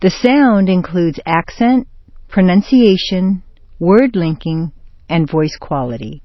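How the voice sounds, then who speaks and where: A woman narrating an accent and grammar lesson in a slow, deliberate scripted delivery, stressing words in example sentences. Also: fairly low pitch, dry recording. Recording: dull, dry studio voice-over.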